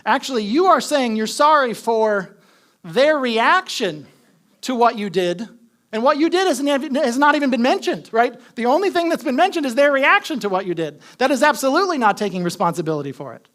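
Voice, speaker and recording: A man's voice: very high voice, expressive, a little fast, fairly bright tone. A man preaching a sermon as pastor, talking conversationally, asking the congregation questions and repeating his key points.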